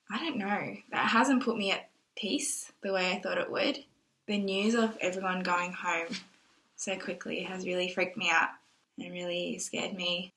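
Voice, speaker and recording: Stressed young woman rambling into her camera, bright voice, a bit teary. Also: on the low side, rough recording. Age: young adult. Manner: anxious, rambling, thinking aloud. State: tearful at times. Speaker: exchange student vlogger. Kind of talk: casual vlog talk to camera.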